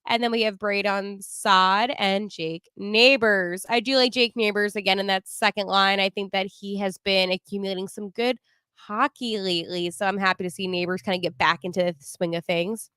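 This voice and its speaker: A woman's voice: mid-range voice, steady tone, normal speed, fairly bright tone, clean tone, no echo. Chatty woman hosting a sports podcast. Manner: chatty, laughs often, many fillers. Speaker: podcast host. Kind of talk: casual live sports podcast.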